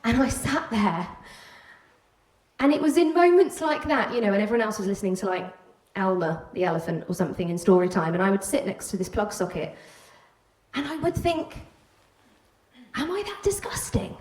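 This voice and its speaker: A woman's voice: medium pitch, fairly quick. Welsh-border woman telling a candid story. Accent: Welsh border English. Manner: candid, animated, acts out quoted voices. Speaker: stage speaker telling a personal story. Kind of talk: live personal storytelling talk. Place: stage before an audience. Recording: roomy hall, voice from a distance.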